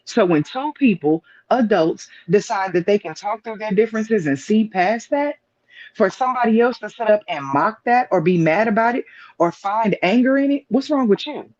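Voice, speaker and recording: A man with a fairly high voice speaking emphatically on a live stream, piling up rhetorical questions. The sound is dry and close, and the audio is dull and lo-fi. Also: lively intonation, normal speed, darkish tone, dry recording. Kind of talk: casual opinion talk.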